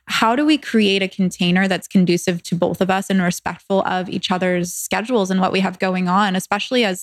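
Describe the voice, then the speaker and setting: A woman podcast host chats casually, sprinkling her questions with fillers. Her intonation stays fairly even. The recording is dry and close. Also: mid-range voice, no room sound. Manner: chatty, many fillers like "like".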